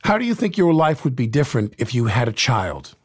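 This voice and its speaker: A man interviewing a guest in a relaxed, teasing way, also telling stories from his acting work. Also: medium pitch, brisk. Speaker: interviewer and actor. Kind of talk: casual interview conversation.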